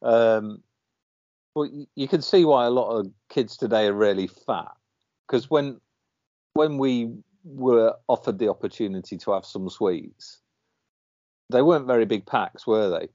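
A man's voice: medium pitch, a little slow, dark tone, dry recording. A man co-hosting a casual podcast chat, rambling and hesitant, full of ums and uhs. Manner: rambling, hesitant with many fillers. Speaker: podcast co-host. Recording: dull lo-fi dry recording.

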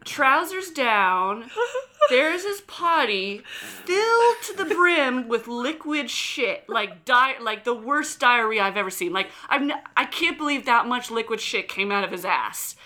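Animated, swearing woman telling a story. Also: fairly high pitch, a little slow. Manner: animated, swearing, acts out quotes. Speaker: podcast co-host, mother. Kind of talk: casual storytelling chat.

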